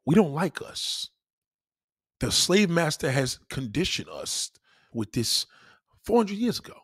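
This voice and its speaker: A man's voice: fairly high pitch, big pitch swings, unhurried, slightly rough, no echo, clean studio sound. A man doing a profane stand-up comedy routine on a club stage, acting out the voices he quotes.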